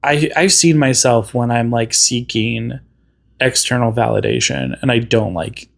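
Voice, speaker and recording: A man guesting on a podcast, chatting casually, animated and joking. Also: mid-range voice, measured pace, vocal fry. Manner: animated, jokey, trails off mid-sentence. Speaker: guest, café owner. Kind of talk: casual chat.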